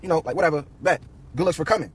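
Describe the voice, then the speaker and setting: On a live stream, a young man with a high, slightly husky voice tells a story quickly and loosely, packed with slang and swearing. He quotes everyone in turn, playing each person's lines himself.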